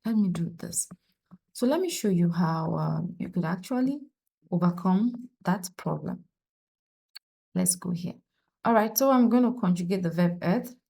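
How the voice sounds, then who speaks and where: Woman teacher for an online French lesson, mellow voice, patient, repeats examples slowly. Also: fairly low pitch, expressive, gravelly.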